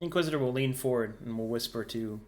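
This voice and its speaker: A man's voice: medium pitch, quick pace. A man narrating a tabletop game as its game master, in a playful way.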